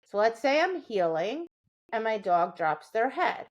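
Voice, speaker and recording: Woman dog trainer, podcast co-host, chatty explainer, slightly high voice. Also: big pitch swings, unhurried, dull audio. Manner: explanatory, keeps checking in with "right?". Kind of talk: casual podcast chat.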